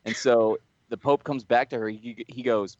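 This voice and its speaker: A man's voice: mid-range voice, fairly even intonation, normal speed, a little mellow, no echo, lo-fi sound. A man co-hosting a podcast, telling a long anecdote in casual chat with restarts and laughs along the way. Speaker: podcast co-host.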